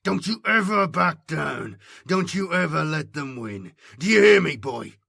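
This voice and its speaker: A man voicing a gruff, stern old grandfather and veteran in an audiobook reading, with harsh, snapping commands. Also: mid-range voice, expressive, moderate pace, fairly bright tone, no room sound, clean studio sound. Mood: furious.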